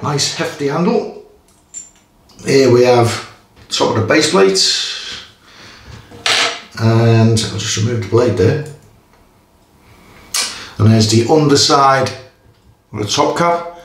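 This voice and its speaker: A man with a Merseyside accent chats his way through a shaving demo, halting and self-mocking as he goes. His mid-pitched voice sits back from the mic and bounces around a roomy space. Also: expressive. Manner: rambling, self-deprecating, halting with fillers. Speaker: shaving channel host. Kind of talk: casual product demo vlog. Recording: roomy echo from a distant mic.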